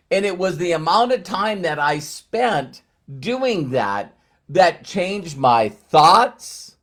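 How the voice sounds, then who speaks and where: Man in his sixties, motivational speaker, slightly high voice, chatty with fillers, slows down to stress points. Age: 60s. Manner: conversational, fillers and slowed emphasis. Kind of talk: casual motivational talk.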